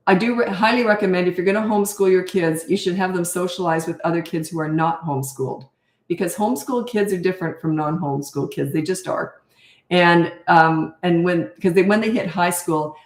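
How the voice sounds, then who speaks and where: An older parenting coach with a lowish voice responds to viewer questions, echo filling the room around her. Her style is blunt and emphatic, and she keeps circling back to her key points.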